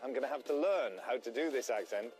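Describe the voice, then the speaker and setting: A man presenting himself as a contestant in a television accent challenge, talking with animated expression. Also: medium pitch, fast talker. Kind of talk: presenting to camera. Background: music.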